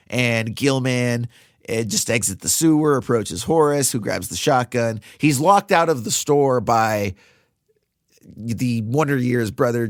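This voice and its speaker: A man in his thirties co-hosting a casual film podcast, animated and acting out lines from the movie. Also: mid-range voice, no room sound, clean studio sound. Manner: animated, acts out movie lines in funny voices. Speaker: podcast co-host.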